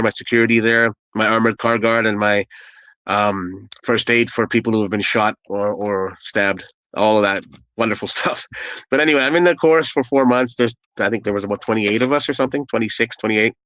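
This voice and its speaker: A man's voice: on the low side, fairly bright tone, no echo, rough recording. A man, a guest telling a personal story in a candid, rambling way full of asides. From Canada. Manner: conversational and rambling, with asides and restarts.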